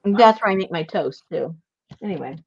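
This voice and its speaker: A woman's voice: fairly low pitch, lively intonation, a little fast, creaky, breathy edge, dull audio. A woman hosting a casual craft livestream, chatty and laughing often at her own mess.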